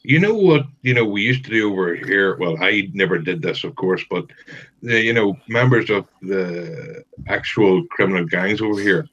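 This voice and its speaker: A man's voice: deep voice, expressive, normal speed, a bit bright. A middle-aged man in casual chat, telling a rambling story and groping for words. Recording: dull lo-fi mic.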